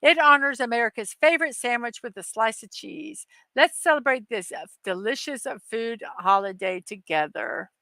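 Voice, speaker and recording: A bright, fairly high-voiced middle-aged woman hosts a casual morning live chat, upbeat and rambling, with plenty of ums and uhs. The sound is close and dry, with no room around it. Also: animated, normal speed, vocal fry, few pauses, no room sound. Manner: chatty and upbeat, many fillers and asides, reads viewer comments aloud. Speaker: host of a daily morning show.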